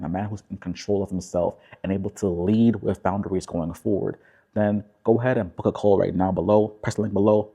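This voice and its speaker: A man speaking as a relationship coach, talking calmly and directly to the viewer, often checking in with "right?". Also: deep voice, slightly rough. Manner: calm, repetitive, tag questions like "right?". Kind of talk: direct-to-camera coaching talk.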